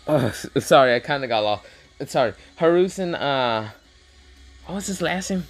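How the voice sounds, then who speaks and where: A man's voice: on the high side, animated, normal speed, faint music behind. A man improvising a fan-fiction story aloud, rambling and hesitant, losing his place and swearing as he goes.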